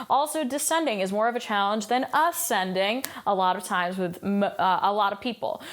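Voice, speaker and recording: A woman vocal coach giving a singing lesson, explaining exercises in an upbeat way and demonstrating them by singing scales. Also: mid-range voice.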